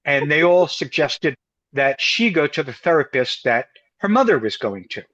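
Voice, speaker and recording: A man's voice: a little high, moderate pace, poor audio. A man from the United States, a guest and couples counselor, telling a story in an interview and acting out the voices of the people in it. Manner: animated storyteller, acts out quoted voices.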